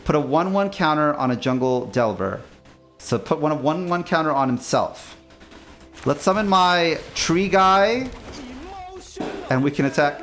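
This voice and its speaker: A young man streaming as a VTuber, casually narrating his moves in a card game and joking with his chat in a playful, animated way. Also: on the high side, a little slow, pauses often. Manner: playful, jokey, talks to chat. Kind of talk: casual gameplay commentary. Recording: faint music behind.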